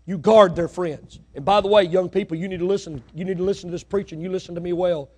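A middle-aged man preaching a sermon in church, swinging from hushed asides to loud, rising exhortation. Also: high voice, fairly even intonation, fast. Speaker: pastor. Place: church sanctuary.

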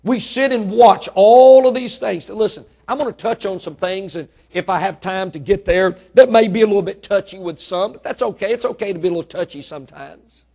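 Male preacher, high voice, slow stressed words and rising loudness in the sermon. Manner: preaching with drawn-out emphasis and swelling volume.

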